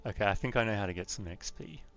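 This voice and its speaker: A man's voice: lowish voice, animated, fast talker, gravelly, fairly bright tone. A man with an Australian accent, chatting casually and rambling into rants while livestreaming a game. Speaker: gaming livestreamer. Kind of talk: casual gameplay commentary.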